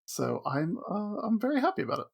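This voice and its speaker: A man co-hosting a podcast, chatting casually, making wry deadpan jokes and steering the show's segments. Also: high voice, fast, vocal fry, slightly rough. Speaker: podcast co-host.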